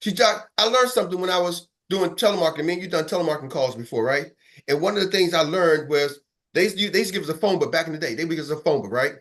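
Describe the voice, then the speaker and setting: A man's voice: a little high, animated, rapid-fire, fairly bright tone. A man coaching in a motivational talk, streetwise and emphatic, repeating phrases for rhythm. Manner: acts out phone calls. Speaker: business coach.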